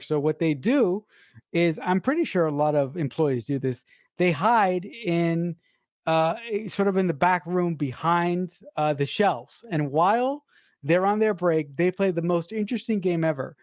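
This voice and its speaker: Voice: mid-range voice, darkish tone, no room sound, clean studio sound. A podcast host recapping a film scene by scene in a rambling, casual way, with many restarts.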